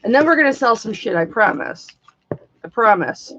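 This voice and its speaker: Woman, live-stream seller; chatty, excitable, casual swearing; slightly high voice, dry lo-fi sound. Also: moderate pace, background noise.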